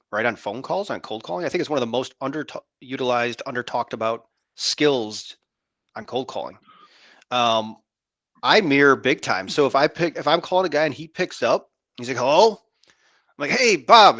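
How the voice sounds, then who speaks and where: A man in sales co-hosting a podcast, talking in an animated, rambling way and acting out his phone calls. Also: mid-range voice, no echo. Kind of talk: casual chat.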